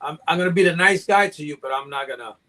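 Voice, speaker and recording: A man from Puerto Rico, a guest snake breeder, chatting casually on a live video call, easygoing and quick to laugh. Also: a little high, bright, forceful tone, low-quality recording. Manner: easygoing, laughs often, loose grammar. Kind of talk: casual live-stream chat.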